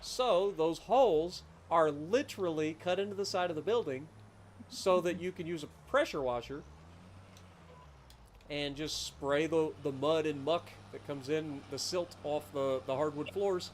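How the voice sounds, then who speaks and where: A man's voice: a little high, a little slow, slight background noise, rough recording. Chatty Appalachian man streaming a game. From Appalachian foothills of Ohio. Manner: chatty storyteller, careful enunciation. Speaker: streamer playing a farming game. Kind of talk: casual live-stream chat.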